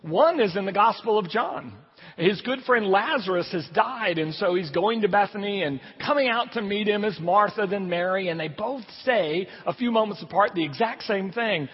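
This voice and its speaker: A man's voice: high voice, normal speed, husky. A man preaching a sermon in a church, reading scripture and then explaining it in a conversational way. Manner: conversational preaching, lively rises and drops. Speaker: pastor. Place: church sanctuary. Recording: long hall reverb, dull lo-fi sound.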